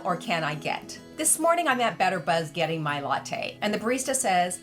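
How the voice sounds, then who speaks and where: A woman's voice: medium pitch, very animated, moderate pace, hardly any pauses, soft background music. A middle-aged woman presenting etiquette tips in a light, gracious, slightly playful way. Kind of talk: instructional talk to camera.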